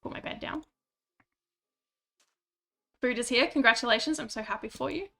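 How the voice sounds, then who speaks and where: Bright, chatty woman streamer. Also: a little high, normal speed, gravelly, faint music behind. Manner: chatty, self-mocking, swears when annoyed. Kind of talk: casual gameplay chat.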